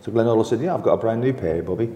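An older man with a lively, anecdotal storytelling manner, recounting old football tales as an interview guest and laughing often. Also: fairly low pitch, rapid-fire, echoey room, big-room sound.

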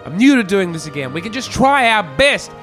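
A middle-aged man riffs through a comic monologue with a lively, high-leaning voice that jumps all over its range. He pokes fun at himself and swings from booming declarations to quiet mutters, with faint music behind him. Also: fairly quick. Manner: animated, self-mocking, swings between loud declarations and low mutters. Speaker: podcast host.

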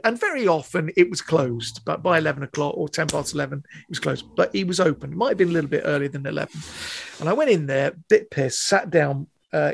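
Male, 50s, animated storyteller, casual and slangy. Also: a little high, vocal fry, a little hiss or hum. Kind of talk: casual anecdote telling.

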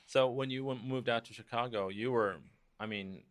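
A man's voice: mid-range voice, normal speed. A man hosting a casual interview, chatty and encouraging, often backing the guest up with short replies. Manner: chatty, encouraging, frequent backchannels. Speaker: interviewer, host. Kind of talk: casual conversation.

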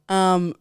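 A woman's voice: no room sound, studio quality. A young adult woman, co-hosting a casual podcast, teasing and laughing often. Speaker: podcast co-host. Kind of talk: casual chat.

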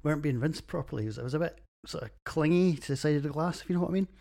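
Giggly man with a gravelly voice. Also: a little high, very fast, dark tone. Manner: crude, jokey, breaks into giggling fits. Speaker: podcast host reviewing beers. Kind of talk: casual solo podcast ramble.

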